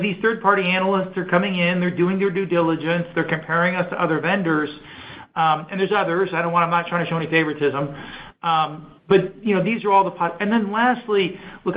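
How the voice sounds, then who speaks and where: A man's voice: on the high side, muffled recording. A man, a company executive, answering analyst questions on an earnings call in an enthusiastic, conversational way with many fillers.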